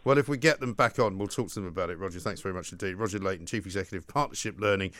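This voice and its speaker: A man's voice: low-pitched, rapid-fire, fairly bright tone, a little hiss or hum. A man hosting a live radio talk show, chatty and affable, with frequent fillers. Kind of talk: live radio phone-in chat. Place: radio studio.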